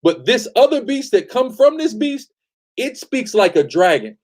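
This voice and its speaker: A man's voice: very high voice, sing-song, a little slow. A man hosting a live-stream bible study, preaching emphatically, often asking "right?" and telling the reader to go ahead. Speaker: host leading a scripture study.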